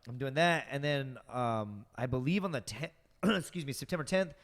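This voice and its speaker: A stand-up comic appears as a podcast guest, telling rambling, profane stories packed with fillers in a casual way. His voice is medium-pitched and fairly bright, at normal speed, and it sounds like he's in a large hall.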